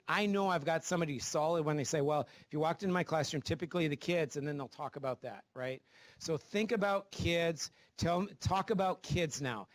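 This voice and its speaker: A man's voice: on the high side, no echo. A man teaching a class of future teachers, coaching them through interview practice and often checking in with "right?". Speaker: teacher educator. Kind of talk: classroom instruction. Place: classroom with students.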